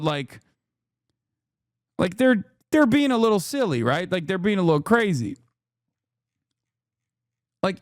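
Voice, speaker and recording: A male political streamer reacting to the news in casual, animated commentary, ranting in disbelief. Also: high-pitched, no room sound, studio quality.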